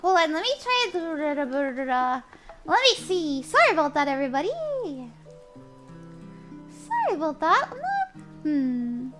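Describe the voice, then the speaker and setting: A woman's voice: high voice, sing-song, measured pace, pauses often, over loud music. A young woman reading tarot on a live stream in a bubbly, giggly put-on voice, often flustered and apologetic. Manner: bubbly, giggly, flustered while fixing audio.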